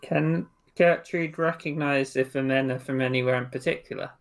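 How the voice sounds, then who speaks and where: A woman playing a tabletop game, calm and a little deadpan as she plans and asks questions. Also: rumbling low, moderate pace. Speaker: player.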